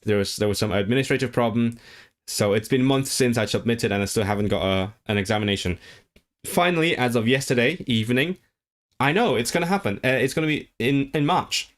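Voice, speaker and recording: A man's voice: medium pitch, a little fast. A man in his thirties from Hong Kong, chatting casually on a livestream, reading viewers' messages aloud and rambling with many restarts. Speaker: livestream host.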